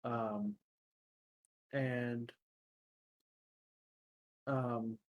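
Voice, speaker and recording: A young man hosting a casual podcast chat, telling everyday stories in a halting way, often pausing to search for words. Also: mid-range voice, fairly even intonation. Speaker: podcast host.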